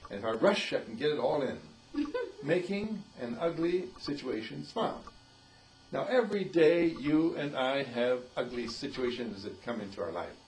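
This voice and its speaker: A man's voice: medium pitch, moderate pace, low-quality recording. A man, the dean of a school, giving a folksy inspirational talk, chuckling often and acting out the people he quotes. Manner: chuckling often, animated, acts out quoted voices.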